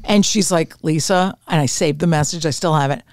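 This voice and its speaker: A woman in her sixties, a retired comedian and podcast guest, telling stories in a brash, profane, animated way. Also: deep voice, fast talker, no echo, studio quality. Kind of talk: casual storytelling. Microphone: podcast mic on camera.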